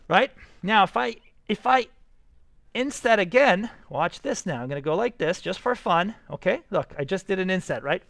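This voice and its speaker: An upbeat man teaches a class, coaxing his students through every step. His voice sits high for a man. The sound is close and dry, with no room around it. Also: a bit bright, no echo. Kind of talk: live classroom software tutorial.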